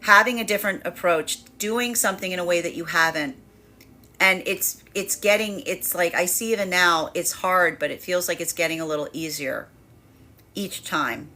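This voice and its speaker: A woman's voice: on the low side, normal speed, pushed and bright. A woman giving a casual spoken tarot reading, chatty and full of fillers, often laughing while she acts out what people might say. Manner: chatty, with many fillers, laughing while acting out quoted voices. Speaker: tarot reader.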